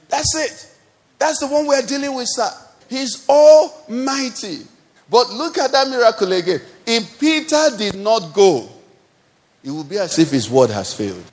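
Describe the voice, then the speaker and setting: A man's voice: high-pitched, very animated, normal speed. A man with a Nigerian accent preaching a sermon as pastor, building up with repeated refrains. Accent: Nigerian English. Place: church service.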